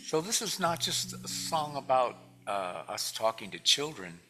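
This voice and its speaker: A man's voice: medium pitch, big pitch swings, measured pace, pushed and bright, a little hiss or hum. A man giving a casual, rambling talk to a spiritual community, full of fillers and restarts and often laughing. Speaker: guest speaker at a spiritual community.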